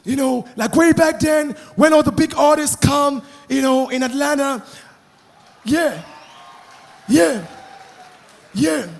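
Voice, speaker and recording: A man's voice: very high-pitched, slow pace, vocal fry, long pauses, heavily acted. A man with a Nigerian accent mimicking a laid-back male star singer who drawls and boasts in an interview. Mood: boastful drawl. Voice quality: drawling, filler-heavy "you know" talk.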